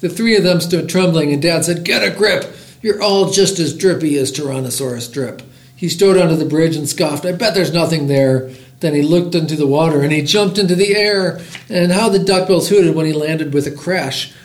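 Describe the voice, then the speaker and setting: A middle-aged man hosting a library podcast, reading a picture book aloud with lively voiced characters. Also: fairly high pitch, moderate pace, echoey room.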